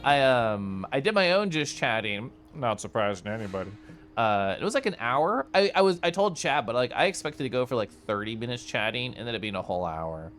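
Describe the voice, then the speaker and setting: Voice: medium pitch, very animated, a little fast, a bit bright, faint music behind. A game streamer chatting casually on a live stream, reacting to chat with a giggly, chatty manner.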